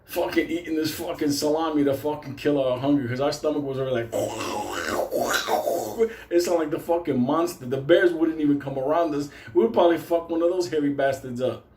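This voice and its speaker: A man's voice: a little high, moderate pace, slight background noise. A Puerto Rican man telling a comic story in casual talk, swearing constantly and laughing as he goes. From Puerto Rico. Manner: profane, animated, laughing through his story. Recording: roomy echo.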